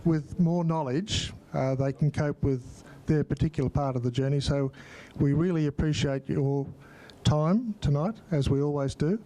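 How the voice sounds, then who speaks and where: A man's voice: on the high side, moderate pace, hardly any pauses, dark tone. A man chairing a meeting's question session, talking in a chatty, hesitant way with many fillers. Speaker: support group meeting chair. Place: meeting room.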